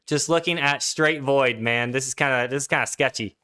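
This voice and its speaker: Here a young male gaming streamer plays and chats loosely, using slang and responding to his chat in casual live-stream commentary. His voice is medium in pitch with a sharp edge, and he speaks a bit quickly.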